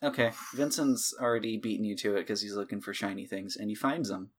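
A man narrating as game master in an online tabletop game, relaxed and full of ums and uhs. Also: fairly low pitch, quick pace, husky. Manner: relaxed, many "um" and "uh" fillers.

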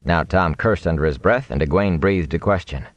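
A man narrating a fantasy audiobook in a steady, measured reading. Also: deep voice, no room sound.

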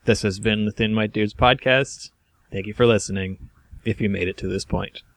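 Low-pitched male co-host, dry delivery, deadpan humor, close dead-room mic. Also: moderate pace, dry recording. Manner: dry, deadpan one-liners. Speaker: podcast co-host. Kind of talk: casual banter.

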